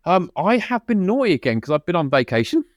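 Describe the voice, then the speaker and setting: A man's voice: high-pitched, sing-song, quick pace, no echo. Chatty man, dry close sound. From United Kingdom. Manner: chatty, laughing often, many restarts and ums. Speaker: podcast co-host. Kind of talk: casual chat.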